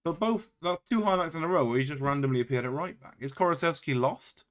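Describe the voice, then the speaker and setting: A man's voice: fairly high pitch, fast, a bit bright. A man giving casual, wry play-by-play commentary on his own video game, full of exasperated, self-mocking asides.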